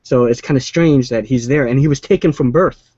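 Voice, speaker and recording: A man in a casual movie chat who rambles and restarts his sentences. His voice sits at an ordinary middle pitch. The sound is dry and a bit dull, like a lo-fi recording. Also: brisk, warm tone, breathy edge, no room sound. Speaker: co-host.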